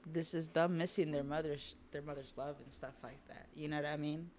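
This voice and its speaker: Low-voiced woman chatting on stream. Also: a little fast. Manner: relaxed, chatty, lots of fillers and asides to viewers. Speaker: livestream host. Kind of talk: casual manga commentary while drawing.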